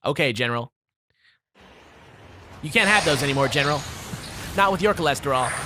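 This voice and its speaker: A man's voice: fairly high pitch, lively intonation, brisk, background noise. A young man doing casual, jokey let's-play commentary, telling stories and laughing a lot. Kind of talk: casual gameplay banter.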